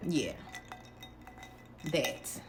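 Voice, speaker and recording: A woman vlogger telling a dating story casually, in a sassy, blunt, animated way. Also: extremely slow, background noise.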